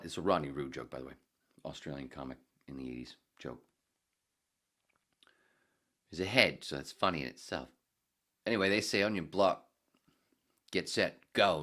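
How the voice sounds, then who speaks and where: Deep-voiced, swearing podcast host. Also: male voice, a bit bright. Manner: rambling, swearing, joke-telling, chuckling at himself. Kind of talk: casual rambling podcast monologue.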